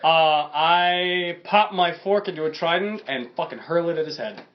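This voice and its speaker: A man's voice: fairly high pitch, normal speed, muffled recording. A man playing a tabletop game with friends, laid-back and swearing freely. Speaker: player.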